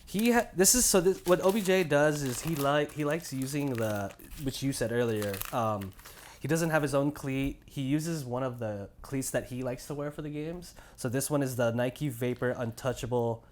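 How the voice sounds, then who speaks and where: A man's voice: medium pitch, moderate pace, slight background noise. A young man co-hosting a podcast, chatting casually and enthusiastically about shoes, with slangy phrasing and lots of restarts. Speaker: podcast co-host. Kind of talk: casual sneaker chat.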